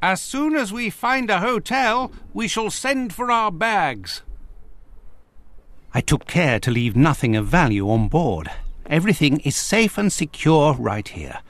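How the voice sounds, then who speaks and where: An actor playing Dr. Watson, an eager, formal English gentleman in a game. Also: on the high side, unhurried. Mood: enthusiastic. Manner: lively, formal, upbeat. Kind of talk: game voice acting.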